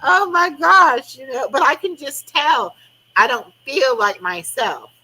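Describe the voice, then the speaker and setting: Bright, husky woman telling stories. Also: high voice, animated, unhurried, rough recording. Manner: chatty storytelling, acting out quoted talk. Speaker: live stream host. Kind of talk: casual chat. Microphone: video call.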